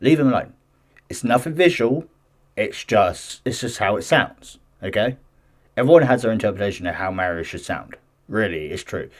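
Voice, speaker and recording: A man with a fairly low voice talks through gaming news in a loose, chatty way. He reads an article aloud, breaking off for defensive asides and often tripping over his words. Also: lively intonation, normal speed. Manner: chatty and defensive, stumbles and restarts while reading. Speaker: gaming news channel host. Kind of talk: casual commentary mixed with reading news aloud.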